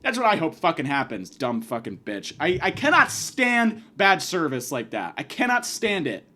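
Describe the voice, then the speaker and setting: A man delivering a profane comedic rant, abrasive and insulting, swinging from yelling to muttering. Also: fairly high pitch, huge pitch swings, normal speed. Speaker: comedic ranter.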